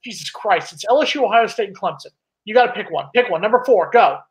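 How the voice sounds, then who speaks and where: Brash, high-voiced sports show host. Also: male voice, expressive, quick pace, poor audio. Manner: brash, teasing, bossy. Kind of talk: casual sports talk show.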